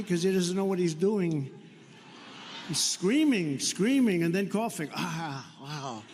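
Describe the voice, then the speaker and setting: A man's voice: high voice, darkish tone. An older man, a politician, giving a rambling and repetitive speech full of mockery and asides. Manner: repetitive, mocking, digressive. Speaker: politician speaking at rallies and on a podcast. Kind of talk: rambling rally speech and podcast chat. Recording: roomy reverb with faint background noise.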